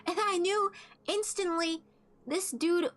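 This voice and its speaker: A woman's voice: very high-pitched, slow, fairly bright tone, slight background noise. A young woman streaming a game while telling stories in a blunt, profane, casual way.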